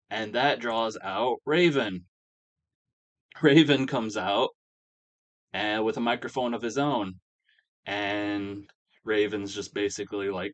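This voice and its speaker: A man's voice: fairly low pitch, steady tone, slow, long pauses. A man casually recapping a wrestling simulation game, rambling with many fillers. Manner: rambling, filler-heavy storytelling. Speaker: game commentator.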